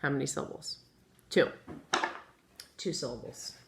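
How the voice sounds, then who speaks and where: Woman teacher for a kids' phonics lesson; low, slightly gravelly voice, patient, encouraging, spells words out slowly. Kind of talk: phonics lesson for young children. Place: classroom with chalkboard. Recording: echoey room, faint ambient noise.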